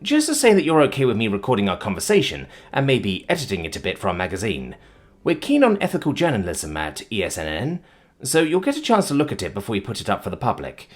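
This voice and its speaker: Rich: An encouraging young reporter woman, as a male narrator lifts his voice for her. Polite and warm in wording, breathy in tone, and very animated. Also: lowish voice, quick pace. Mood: friendly. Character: friendly young female journalist.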